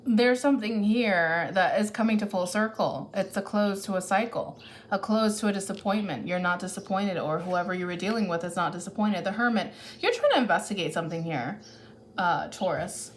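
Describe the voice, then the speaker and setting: A woman's voice: medium pitch, animated, moderate pace, slight background noise. A woman giving a casual tarot reading who thinks aloud and corrects herself as she goes, caffeinated. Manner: chatty, thinks aloud, restarts and self-corrects. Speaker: tarot reader.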